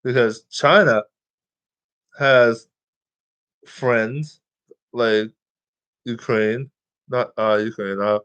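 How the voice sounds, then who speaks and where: A man's voice: mid-range voice, steady tone, very slow, pauses often, fairly bright tone, clean tone, muffled recording. A man talking casually to his viewers, rambling, restarting lines and swearing freely. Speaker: vlogger.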